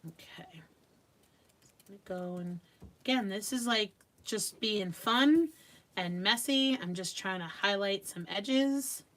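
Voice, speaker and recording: A chatty middle-aged woman from Long Island hosts a live crafting demo. Her voice sits at an ordinary middle pitch, and she laughs often as she talks through her work. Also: slow, fairly bright tone. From Long Island, New York. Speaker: host of a live craft stream.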